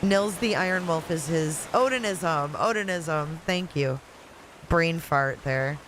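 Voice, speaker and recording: Chatty Michigan woman over steady noise. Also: deep voice, slow pace, rough recording. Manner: chatty, reads viewer comments aloud and answers them. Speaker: livestream host. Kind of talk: casual live-chat stream. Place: at home in Florida riding out a hurricane.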